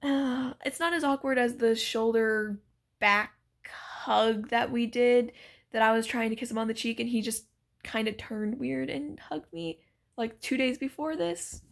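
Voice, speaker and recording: A woman's voice: on the high side, steady tone, a little slow, vocal fry. A woman telling a story to her vlog in a chatty, giggly way, full of "like" and "so basically," while she is sick. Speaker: vlogger.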